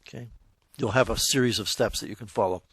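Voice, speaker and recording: A man's voice: fairly low pitch, quick pace, fairly bright tone, breathy edge, dry recording. A man teaching a math lesson to his class in a classroom, talking in a loose, conversational way that corrects itself as it goes and keeps checking in with the students. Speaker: high school math teacher. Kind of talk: classroom lecture.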